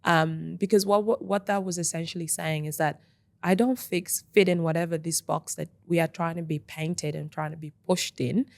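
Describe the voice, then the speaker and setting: Podcast guest, young woman, low and gravelly, lively and talkative, dry studio mic. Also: normal speed, no echo. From Australia. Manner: energetic, talkative, frequent "like". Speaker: interview guest. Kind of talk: casual interview chat.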